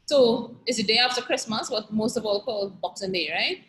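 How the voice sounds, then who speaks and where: A woman's voice: fairly high pitch, moderate pace, a bit bright, a little hiss or hum, rough recording. A woman teacher reviewing an exam paper and reading a play extract aloud, explaining as she goes and often checking in with "right?".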